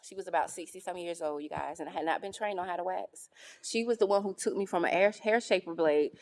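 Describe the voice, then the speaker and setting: A woman from North Carolina, a guest in a casual interview, telling her story with lively, acted-out quotes. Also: lowish voice, fast talker, a little hiss or hum. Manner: animated, acts out quoted voices. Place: studio on location.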